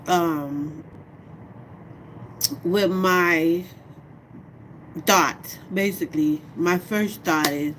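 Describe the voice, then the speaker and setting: A woman talking slowly and from the heart in a personal vlog, often checking in with "you know what I mean". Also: lowish voice, fairly bright tone, a little hiss or hum, poor audio. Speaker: vlogger.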